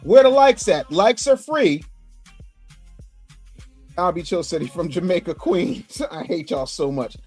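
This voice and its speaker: A man hosts a reaction livestream from his home setup, speaking through a studio microphone. His voice sits fairly high, and he exclaims and jokes with his viewers as he reacts to clips. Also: unhurried, long pauses, faint music behind. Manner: animated, exclaiming, teasing chat. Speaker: livestream host. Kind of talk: reaction commentary.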